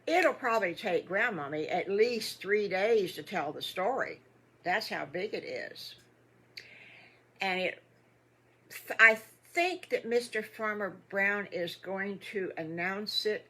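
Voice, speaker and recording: A woman's voice: medium pitch, animated, slow pace, sharp tone, slightly rough. An older woman improvising a children's story, folksy and rambling, chatting to the listening families.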